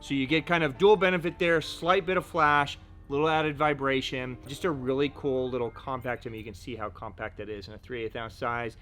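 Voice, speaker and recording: A man's voice: medium pitch, steady tone, fairly quick, hardly any pauses, a bit bright, soft background music. A man presenting fishing gear in a casual product showcase, chatty and joking, often filling gaps with "so" and "right?". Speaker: fishing tackle shop presenter.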